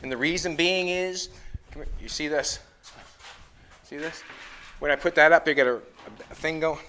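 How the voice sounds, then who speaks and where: A middle-aged man, car builder and host of the show, rambles casually to the camera while fitting and tacking metal in his garage workshop, thinking aloud as he goes. He talks at normal speed in a bright, forceful voice on the high side, with slight hiss or hum.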